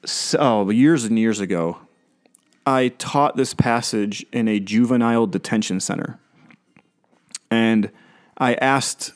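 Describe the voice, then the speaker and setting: A man's voice: mid-range voice, darkish tone. A man preaching a sermon in a conversational, earnest way, with light laughter as he talks. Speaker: pastor.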